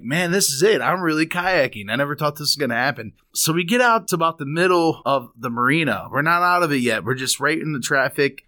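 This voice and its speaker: Animated storytelling man, bright voice. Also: medium pitch. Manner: animated, laughs while telling a story. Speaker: podcast host. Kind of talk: casual podcast storytelling.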